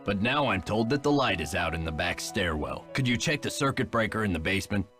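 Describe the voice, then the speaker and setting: A curt, businesslike lodge owner in a mystery video game. His voice is very low, with faint game music underneath. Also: expressive, fairly quick, fairly bright tone. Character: gruff middle-aged male lodge owner, curt.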